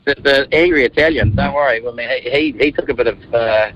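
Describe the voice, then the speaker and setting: Animated New Zealand man telling stories. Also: medium pitch, fast talker, muffled recording, a little hiss or hum. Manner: animated storyteller, acts out quotes. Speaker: guest. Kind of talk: casual radio interview. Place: in a moving car.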